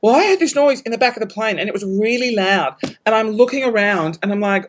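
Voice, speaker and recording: An Australian man hosting a podcast, telling a story in casual talk, animated, swearing freely and laughing at himself. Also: high voice, fairly quick, very noisy. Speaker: podcast host.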